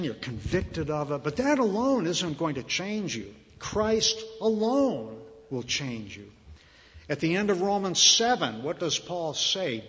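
A man preaching a sermon, slow and earnest, rising louder on key phrases and dropping soft at the ends. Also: on the high side, sing-song. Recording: muffled reverberant hall.

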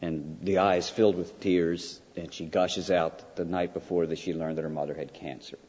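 A man lecturing as a college professor, emphatic and often checking in with his listeners with a quick "right?". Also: deep voice, fairly even intonation, a little mellow, breathy edge. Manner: emphatic, peppered with "right?" asides. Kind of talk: classroom lecture. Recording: dull lo-fi sound with long hall reverb.

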